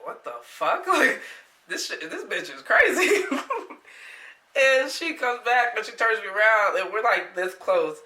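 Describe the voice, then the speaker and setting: A young woman vlogger telling a story in casual chat, animated, laughing often and swearing freely. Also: fairly high pitch, a little slow, echoey room, low-quality recording.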